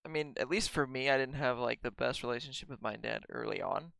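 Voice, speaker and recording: A man's voice: mid-range voice, brisk, creaky, fairly bright tone, no room sound. A young man co-hosting a podcast, rambling casually with lots of filler words. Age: young adult. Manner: rambling, lots of "like", laughs often. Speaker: podcast co-host. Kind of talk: casual chat.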